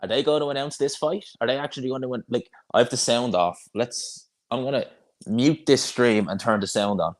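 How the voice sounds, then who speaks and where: A man's voice: mid-range voice, fairly quick. A young man hosting a live boxing watch-along, chatting casually and rambling through viewer comments with frequent restarts.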